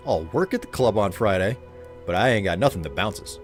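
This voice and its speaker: A man's voice: fairly low pitch, animated, a little fast, faint music behind, natural voice. A British man putting on a tough-talking Boston working man, with a broad, stereotypical accent. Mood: swaggering. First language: British English speaker faking the accent. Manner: exaggerated stereotypical accent put-on.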